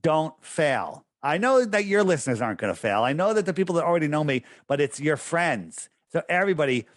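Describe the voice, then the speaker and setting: This man, a guest on a podcast, chats casually but rambles and loses track of what he's saying, then drives his arguments in a forceful, sermonizing tone. He sounds high-ish and sing-song, talking fairly quickly on a dry recording.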